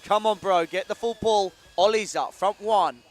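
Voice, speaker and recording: A man calls a live competition with eager play-by-play. His voice sits a touch high, and he rattles off trick after trick as the riders go. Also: moderate pace, slight background noise. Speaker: live-stream commentator. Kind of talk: live sports commentary.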